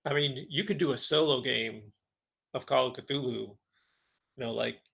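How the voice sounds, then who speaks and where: A man co-hosting a podcast, chatting casually about tabletop games and telling lively stories with frequent laughs. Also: mid-range voice, normal speed, gravelly, husky, highs cut off. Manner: animated storytelling, laughs often. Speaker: podcast co-host.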